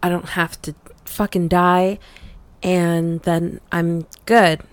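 A woman's voice: on the low side, flat delivery, slow, clear, resonant tone, dry recording. A woman voicing a flustered, frustrated young woman in an audio role-play, stammering and swearing with many fillers.

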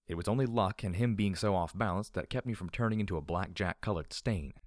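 A man narrating a first-person story with a wry, lively delivery. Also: low voice, quick pace, no room sound, clean studio sound. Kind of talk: audiobook storytelling.

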